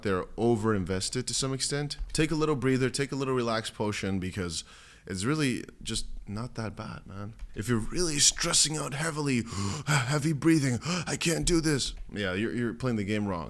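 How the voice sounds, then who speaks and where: A man hosting a casual crypto news video, chatty and animated, with a strained, cracked voice. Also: lowish voice. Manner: animated and chatty, acts out panicked viewers. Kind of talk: casual to-camera market update.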